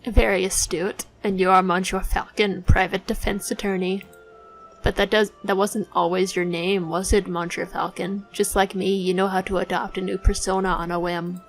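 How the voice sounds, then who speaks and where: A woman voicing a smooth, evasive male detective in disguise in a game, speaking in a suave, theatrical way. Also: mid-range voice, level tone, moderate pace, lightly acted, poor audio. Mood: sly. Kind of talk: voicing a visual novel let's play.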